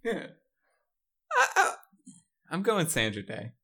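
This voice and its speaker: A man's voice: on the high side, wildly swooping pitch, slow, creaky, sharp tone. A man guessing quotes on a casual podcast, stammering and joking as he goes. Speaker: podcast guest and quiz contestant.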